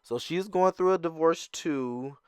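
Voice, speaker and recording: A young man chatting casually as he recaps a reality TV episode, animated, laughing often and acting out what the cast said. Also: measured pace, clean tone, no echo, studio quality. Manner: chatty and animated, laughs often, acts out quoted lines in a higher voice.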